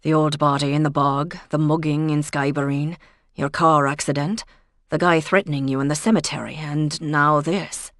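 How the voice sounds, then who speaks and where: A calm, patient village policeman, as a woman narrator puts him on, measured and apologetic. His voice stays low and dry. It is a storybook scene read aloud. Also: no echo, lightly acted.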